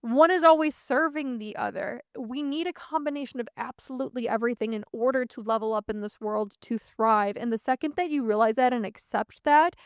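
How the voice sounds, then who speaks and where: High-voiced candid woman in her thirties. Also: brisk, few pauses, clean tone, dry recording, clean studio sound. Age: 30s. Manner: candid, earnest, swears casually. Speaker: podcast host. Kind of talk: reflective solo podcast monologue.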